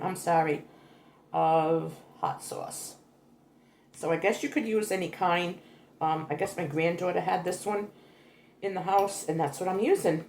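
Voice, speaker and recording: A woman's voice: on the low side, unhurried, vocal fry, darkish tone, roomy sound, a little hiss or hum. Older woman chatting through a cooking demo. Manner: chatty, homey, self-correcting. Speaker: cooking vlogger. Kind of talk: casual cooking demonstration. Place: home kitchen.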